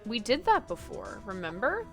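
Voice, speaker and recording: A woman's voice: a little high, huge pitch swings, normal speed, fairly bright tone. A woman streaming a game, chatting casually, laughing and reading game text aloud. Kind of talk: casual let's-play chat. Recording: live stream with game music under.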